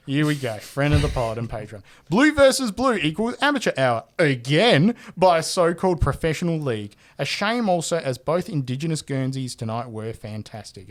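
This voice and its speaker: A man hosts a laid-back podcast, reading listener feedback aloud. His pitch swings widely and he laughs easily. He swears casually and talks in a relaxed, chatty way. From Australia. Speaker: podcast host.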